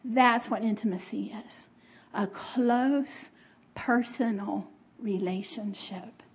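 A middle-aged woman giving a conversational sermon, expressive, laughing often and talking with the audience. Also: on the high side, takes it slowly, breathy edge. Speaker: speaker.

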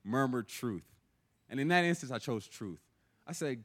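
A young man preaching a sermon in a casual, animated way, often checking in with "right?". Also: medium pitch, normal speed, pauses often.

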